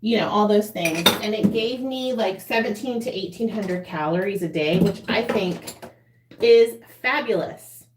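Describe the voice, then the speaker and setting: A woman's voice: mid-range voice, measured pace, reverberant, background noise. A woman in her forties chatting casually to a live chat while doing her makeup at home, laughing often. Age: 40s. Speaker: vlogger.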